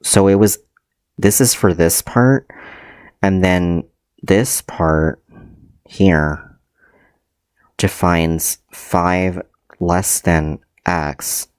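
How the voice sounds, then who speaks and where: A man's voice: low voice, drawn-out words, pauses often, smooth, no room sound. A man teaching a livestreamed math lecture, hesitant, with many ums and frequent self-corrections.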